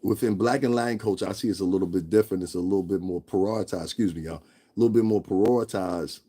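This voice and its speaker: Husky-voiced man ranting on camera. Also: low voice, fast, mellow. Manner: profane, blunt, emphatic, laughs between points. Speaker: vlogger. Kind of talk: ranting commentary.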